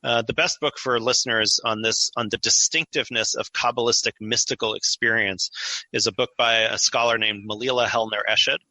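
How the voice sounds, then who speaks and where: A man being interviewed as an author, explaining ideas in an animated way and laughing often as he talks. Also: mid-range voice, fairly quick, no room sound, rough recording. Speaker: author and guest. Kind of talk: conversational interview.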